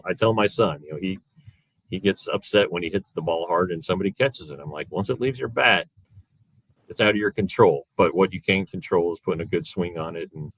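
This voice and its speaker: A man's voice: deep voice, no room sound. A middle-aged man chatting casually as a guest on a sports podcast, rambling with lots of fillers and restarts. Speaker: guest analyst.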